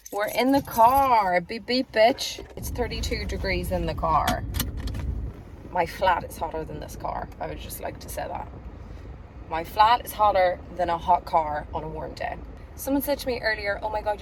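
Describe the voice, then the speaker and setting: A woman's voice: on the low side, noisy background. A young woman vlogging casually at home and in her car, gushing and chatty, swearing now and then. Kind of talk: casual vlog chat. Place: hot flat and car.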